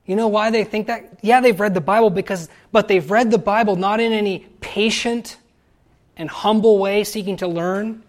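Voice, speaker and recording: A man giving a sermon, lively and conversational, acting out quoted voices and asking the listeners questions. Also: sits high, normal speed. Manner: animated, acts out quoted voices. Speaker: pastor.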